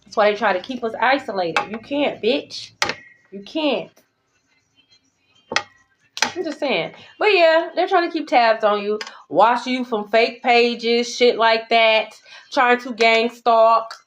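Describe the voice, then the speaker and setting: A woman's voice: fairly high pitch, slow, noisy background. A woman tarot reader talking to her viewers in a casual spiritual monologue, blunt, profane and emphatic. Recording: dull lo-fi recording.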